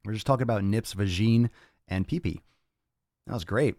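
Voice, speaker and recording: Low-voiced crude joking male podcast host. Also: normal speed, darkish tone, dry recording, clean studio sound. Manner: repeats phrases, restless rambling delivery. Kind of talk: casual fitness podcast chat.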